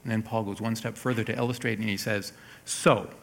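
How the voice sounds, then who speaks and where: A man preaching a sermon, explaining scripture verse by verse, lifting his voice for emphasis and then dropping it soft. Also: on the low side, steady tone, brisk, creaky, slight background noise.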